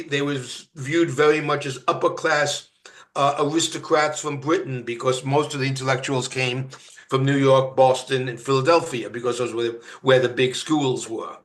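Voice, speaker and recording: A man from Canada giving a university lecture, halting with many fillers and restarts and stressing each word of a list. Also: mid-range voice, a bit bright, reverberant. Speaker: guest lecturer. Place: lecture room.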